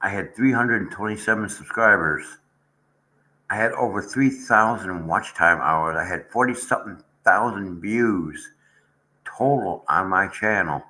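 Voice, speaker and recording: A man's voice: lowish voice, measured pace, sharp tone, low-quality recording. A man hosting a casual livestream chat, rambling and aggrieved as he talks to viewers in the chat. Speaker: channel host.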